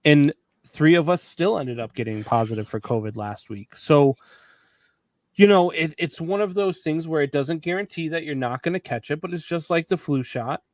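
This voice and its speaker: A man's voice: fairly high pitch, expressive, normal speed, dry recording. A man hosting a casual sports talk show, speaking conversationally and moving the discussion from one headline to the next. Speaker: host.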